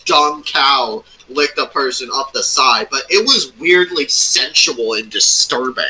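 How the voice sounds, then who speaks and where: A man's voice: medium pitch, expressive, a little slow, pushed and bright, a little hiss or hum, low-quality recording. A man in casual chat, rambling through an old tabletop game story and swearing often. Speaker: former game master recounting a campaign.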